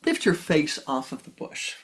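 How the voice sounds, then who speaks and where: A woman playing a patient, gentle yogi. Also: low voice, sing-song, normal speed. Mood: coaxing. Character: calm kindly young yogi guide.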